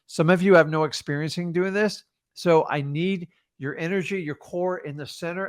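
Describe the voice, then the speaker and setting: A young man teaching real estate wholesaling in an energetic coaching monologue. His voice sits fairly high for a man and is recorded dry and close. He plays with emphasis and speed, pushing points hard and pulling back on softer ones. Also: no room sound. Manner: shifts emphasis and pace to demonstrate tonality.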